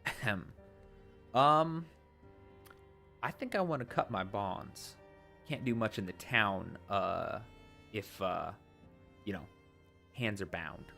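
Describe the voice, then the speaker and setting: A man's voice: fairly low pitch, animated, slow pace, creaky, pauses often, pushed and bright, soft background music. A man reading a text adventure game aloud in a put-on accent, breaking into casual asides to his viewers. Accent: put-on accent while narrating. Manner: dramatic narration broken by casual asides.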